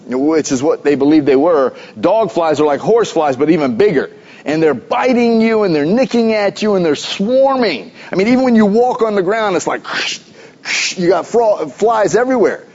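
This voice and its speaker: A pastor giving a sermon in a conversational, playful preaching manner, recorded in a church sanctuary. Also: male voice, sits high, lively intonation, moderate pace, a little mellow. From United States. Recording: dull lo-fi church recording with long reverb.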